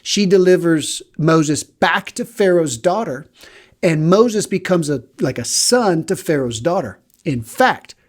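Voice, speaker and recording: A man with a fairly high voice hosts a podcast and retells a Bible story in a loose, conversational way. He slips into the characters' words, giving their lines as he tells it. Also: expressive, measured pace.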